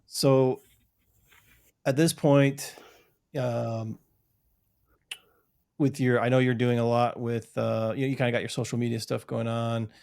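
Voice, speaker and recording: A male podcast host who asks rambling questions in a relaxed way and answers with brief reactions. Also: medium pitch, measured pace, creaky, pauses often, clear, resonant tone. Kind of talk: casual interview.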